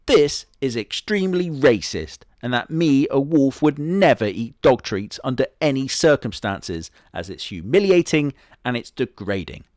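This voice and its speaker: A man's voice: medium pitch, very animated, measured pace, hardly any pauses, a little mellow, no room sound. A man playing a boastful immortal wolf, speaking with a Southwest English accent in a dry, matter-of-fact way. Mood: deadpan. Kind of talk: comedy sketch character monologue.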